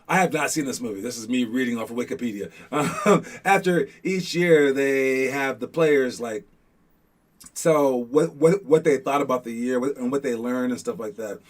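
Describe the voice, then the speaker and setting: A man's voice: medium pitch, moderate pace. A young man hosting a basketball show in a casual motivational talk, rambling with many restarts and frequent "all right?" check-ins. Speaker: host of a youth basketball show.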